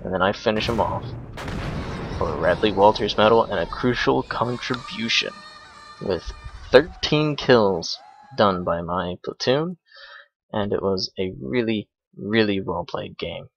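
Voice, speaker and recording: A young man casually commenting over a replay of his own game match, explaining each move in a relaxed way with frequent ums and uhs. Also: lowish voice, a little slow, creaky, breathy edge. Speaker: gameplay commentator. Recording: dull lo-fi recording with faint noise.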